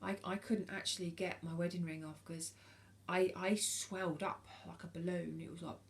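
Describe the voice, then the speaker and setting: A British woman in her forties speaks frankly to camera in a low, gravelly voice. She hesitates often, filling gaps with ums and restarting her sentences as she talks. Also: flat delivery, normal speed. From United Kingdom. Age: 40s. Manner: frank and earnest. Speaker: vlogger. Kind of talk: casual talk to camera.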